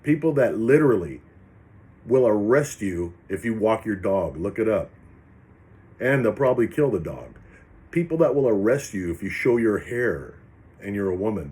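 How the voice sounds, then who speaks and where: A man's voice: fairly low pitch, warm tone. A man delivering a rambling, profanity-laced political rant on his vlog. He sounds angry throughout, restarts his sentences often and keeps piling on insults. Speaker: vlogger. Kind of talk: ranting political commentary.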